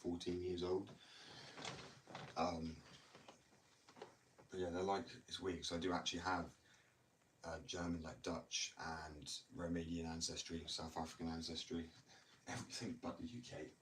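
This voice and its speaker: A man's voice: deep voice, level tone, measured pace, pauses often. A man, a skateboarder, talking in a loose, rambling casual chat full of "like" and "you know", recorded at home. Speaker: skateboarder talking about skating. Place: indoors at home. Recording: distant mic with faint noise.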